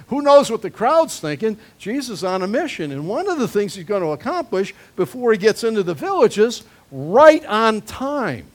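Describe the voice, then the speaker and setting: A male pastor preaching a sermon, conversational with emphatic swells on key phrases. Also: sits high.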